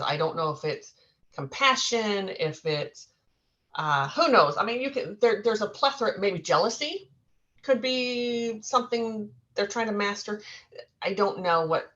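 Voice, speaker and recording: A woman psychic medium in casual spiritual talk, earnest and rambling with halting restarts. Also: medium pitch, fairly bright tone, lo-fi sound.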